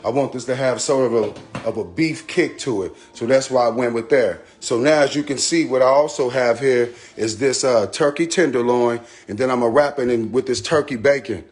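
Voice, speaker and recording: A man's voice: medium pitch, moderate pace, few pauses. A man hosting a casual cooking livestream, greeting viewers by name in a chatty, repetitive way. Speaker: cooking channel host. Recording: faint background music. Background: background music.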